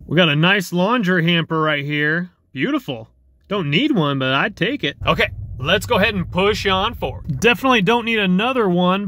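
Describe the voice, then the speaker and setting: A man vlogging outdoors while dumpster diving, chatty and excitable, thinking aloud to the camera. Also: high voice, slight background noise. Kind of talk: casual vlog narration while dumpster diving. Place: outdoors by apartment complex dumpsters.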